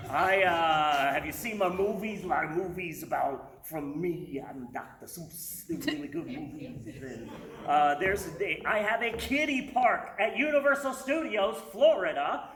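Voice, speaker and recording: A woman's voice: mid-range voice, distant mic, lightly acted. A woman doing an impression of an older male children's author who rambles on, plugging his own products. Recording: echoey venue with background noise.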